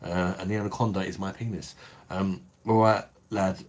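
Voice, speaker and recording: A man's voice: deep voice, steady tone, moderate pace. A middle-aged man with a Cockney and Kentish accent, casually chatting on a livestream and reading out viewer comments in a matey, sweary way. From South East England, London. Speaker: beer review livestream host.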